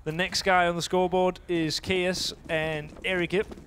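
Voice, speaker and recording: A man's voice: sits high, level tone, normal speed, a bit bright, slight background noise. Chatty man commenting a live esports match. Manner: chatty, laughs easily, thinks aloud mid-sentence.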